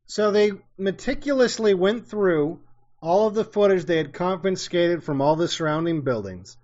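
A man hosting a casual chat, telling a story with sarcasm and casual swearing. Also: a little high. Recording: slightly dull lo-fi sound.

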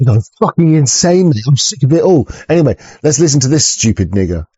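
Man, fairly high voice, mellow tone, dry lo-fi sound, profane stammering ranter. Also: big pitch swings, fairly quick, husky, no room sound. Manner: profane, stammering, rambling rant. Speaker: streamer reacting to videos. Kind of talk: ranting reaction commentary.

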